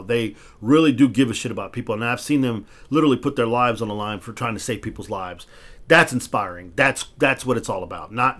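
A man's voice: medium pitch, a bit bright. A man hosting a casual podcast, telling stories in a heated, profane way and restarting his words when he gets worked up. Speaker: podcast host.

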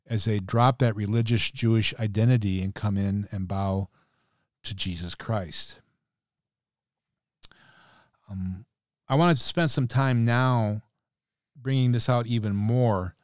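A pastor, a man, teaching through scripture in a measured, explanatory podcast sermon, quoting passages at length. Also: fairly low pitch, darkish tone, dry recording, studio quality.

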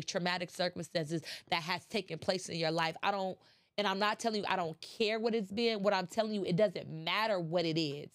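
Congested chatty woman host. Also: fairly low pitch. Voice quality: congested, nasal. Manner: chatty, rises to impassioned preaching. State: stuffy with allergies. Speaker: podcast host. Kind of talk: casual motivational talk.

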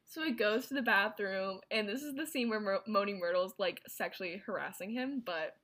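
A woman co-host casually recaps a movie plot, rambling with lots of filler words and many "like"s. Her voice is medium-pitched and fairly bright, at normal speed.

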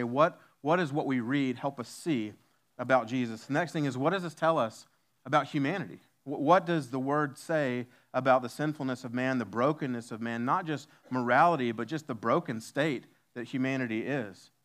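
A male pastor preaching a sermon, reading scripture aloud and slowing down to stress key lines. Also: mid-range voice. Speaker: lead pastor.

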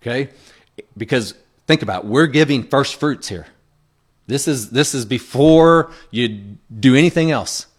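A man with a mid-range, animated voice speaks at an unhurried pace. He's a pastor delivering a conversational sermon, earnest and plainspoken, and he keeps pausing to check in with the congregation as he teaches.

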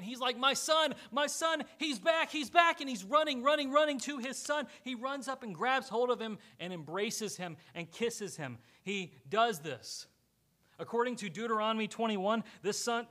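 A male pastor with a high voice preaches a sermon, telling the story with animated energy and acting out the characters.

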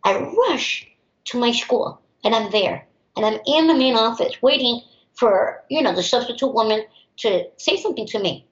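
A woman's voice: on the high side, expressive, moderate pace. A young American woman, a teacher, answering interview questions in an outspoken and emphatic way. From United States. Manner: outspoken and emphatic, acts out others' voices. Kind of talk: interview answers, personal storytelling. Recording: roomy, slightly dull recording.

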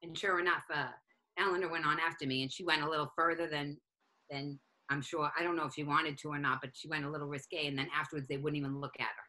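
A woman comedian telling a story in casual chat, animated and profane, acting out each side of it. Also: deep voice, fast. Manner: animated, profane, acts out both sides of a story. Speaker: stand-up comedian, guest.

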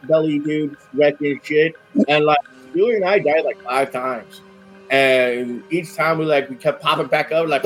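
A man recapping a tabletop game session in slangy bro-speak, swearing constantly and filling every pause with "like". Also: fairly high pitch. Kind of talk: casual in-character session recap.

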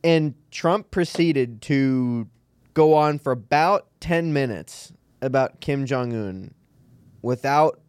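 A man hosting a podcast, chatting casually and telling stories in a rambling, animated way. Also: medium pitch, slow pace, smooth, dry recording, clean studio sound. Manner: rambling, animated storytelling with laughs. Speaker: podcast host. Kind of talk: casual chat.

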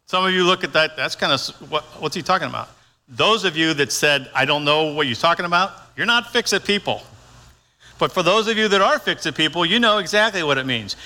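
A man's voice: high voice, pushed and bright. An older man preaching a sermon in a folksy, conversational way, acting out his own lines as he goes. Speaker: pastor. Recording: long hall reverb.

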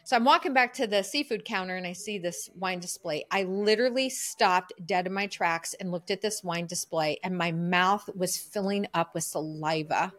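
A middle-aged woman, a coach, telling a personal story as a podcast guest in an earnest, lively way. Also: lowish voice, normal speed, hardly any pauses. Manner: lively, earnest storyteller who acts out her own inner voice.

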